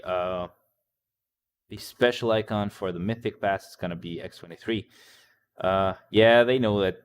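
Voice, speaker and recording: A man with a very low voice chats casually through a game's patch notes. He rambles in an offhand way, reads lines aloud and answers chat, swearing now and then. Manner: occasional swearing. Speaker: gaming channel host.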